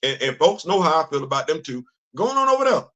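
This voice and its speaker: A man hosting a comedic live-stream commentary, talking in an animated, teasing, emphatic way. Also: on the high side, fast talker. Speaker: host.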